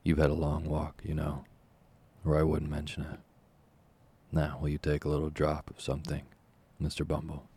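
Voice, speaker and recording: A man's voice: rumbling low, monotone, moderate pace, mellow, husky, full character voice. A man doing a fawning, wheedling old nurse. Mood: coaxing. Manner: gushing, wheedling, falsely humble. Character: fawning scheming older woman, a workhouse nurse.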